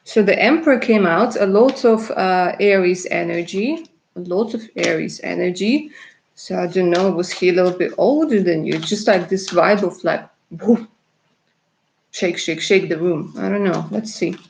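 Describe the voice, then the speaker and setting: A woman from Russia doing live-stream tarot readings, chatty and warm in her words, laughing often and calling viewers darling. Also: fairly low pitch, normal speed, vocal fry, slight background noise. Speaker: tarot reader.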